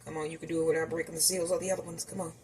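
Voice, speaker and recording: A woman's voice: deep voice, little pitch movement, very fast, a little mellow, a little hiss or hum. A woman chatting casually to her viewers while she cooks in her home kitchen, calling them y'all. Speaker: home cooking vlogger. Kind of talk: casual cooking vlog narration.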